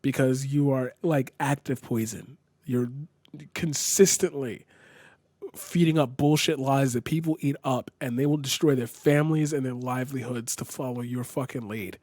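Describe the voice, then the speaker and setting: A man's voice: mid-range voice, normal speed, a little mellow, no echo. A man live streaming a reaction to a video, ranting angrily and swearing often, repeating himself as he vents. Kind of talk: angry reaction commentary.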